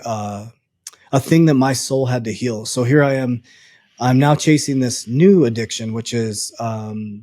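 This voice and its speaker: A man's voice: medium pitch, no echo. A man, a coach and podcast guest, telling his life story in a casual interview and acting out the lines of people he quotes. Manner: animated storyteller, acts out quoted dialogue. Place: lives in Arizona.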